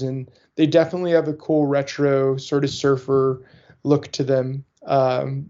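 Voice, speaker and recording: Warm and mid-range, a man from the northeastern US co-hosts a podcast in loose, rambling conversation. He restarts often and leans on fillers, and the recording sounds muffled and lo-fi.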